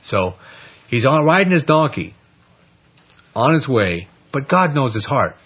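A man teaching an informal Bible study, conversational and animated, checking in with listeners through asides as he explains scripture. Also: medium pitch, a little slow, slightly rough, dull audio. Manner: conversational and animated, with frequent "you know" and "okay?" asides.

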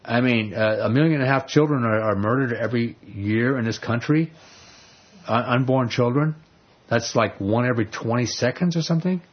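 A man teaching a Bible passage in a casual sermon, telling the story with animated energy and repeating words. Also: medium pitch, moderate pace, slightly rough. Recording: dull lo-fi recording.

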